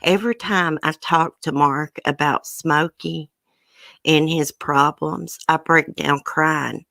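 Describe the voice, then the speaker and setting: A low-pitched woman chats casually on her live stream, greeting viewers by name. Her talk is soft-hearted and emotional. The sound is dry and close, with no room in it. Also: gravelly, no room sound. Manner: chatty, greets viewers by name, says y'all.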